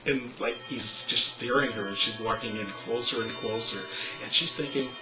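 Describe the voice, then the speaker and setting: A man leading a smoking cessation clinic, telling a story in an animated way and acting out the quotes. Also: mid-range voice, normal speed, over music. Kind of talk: storytelling lecture. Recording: roomy, distant, slightly dull recording.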